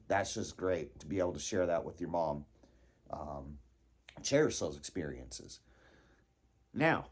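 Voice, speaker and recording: A man telling a casual personal story, animated and laughing, acting out his own panicked thoughts. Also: deep voice, a little slow, pauses often.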